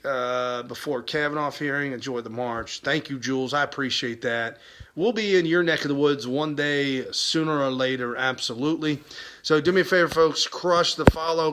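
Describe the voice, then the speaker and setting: A man's voice: fairly high pitch, bright, forceful tone. A man hosting a casual live stream, chatting with viewers and reading their comments aloud, enthusiastic, laughing and repeating himself.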